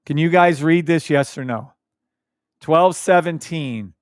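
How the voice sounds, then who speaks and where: A man's voice: on the high side, takes it slowly, smooth, no room sound, studio quality. A man hosting a live trading stream, explaining charts in a hyped, teasing chat with his viewers and humming along.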